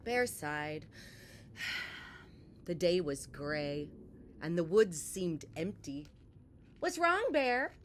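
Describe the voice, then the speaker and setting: A woman reading a picture book aloud to children, expressive and unhurried, sometimes sinking to a soft whisper. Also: sits low, slight background noise. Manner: animated, slow and expressive, drops to soft whispers. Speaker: children's story reader. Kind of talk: read-aloud storytelling for children.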